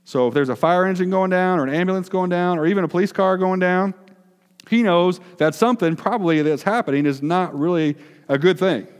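A man's voice: high voice, fairly quick, clear, resonant tone. A man preaching a conversational sermon, chatty and quizzing his congregation with self-deprecating asides. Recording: long hall reverb.

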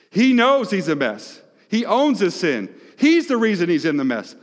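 A male pastor preaching a sermon, swinging between hushed, soft phrases and loud, emphatic ones. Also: sits high, sing-song, normal speed, hardly any pauses. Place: large church hall. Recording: long echoing hall reverb.

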